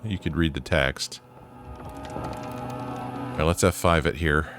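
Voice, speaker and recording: A man's voice: rumbling low, fairly even intonation, slow, over music. A man giving casual, joking commentary while playing a game and reading its dialogue aloud. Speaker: let's play host.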